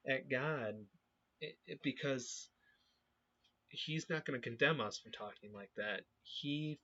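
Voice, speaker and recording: A man leading a youth group, talking earnestly about his faith and often pausing to search for words. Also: mid-range voice, bright, forceful tone. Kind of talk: personal faith reflection to camera. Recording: dull lo-fi recording.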